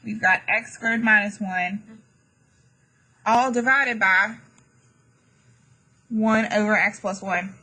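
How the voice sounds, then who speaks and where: A woman's voice: mid-range voice, steady tone, takes it slowly, pauses often, sharp tone, rough recording. A woman math teacher giving a classroom lesson, chatty and jokey, with dramatic asides to her students.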